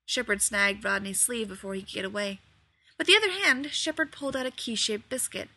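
A woman reading a story aloud in an expressive, lively way. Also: a little high, fairly quick, no echo. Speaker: reader. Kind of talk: storybook narration.

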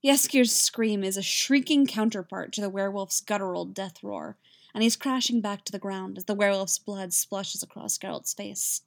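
A woman reading fan fiction aloud, in an expressive storytelling manner. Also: mid-range voice, normal speed, vocal fry. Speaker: reader.

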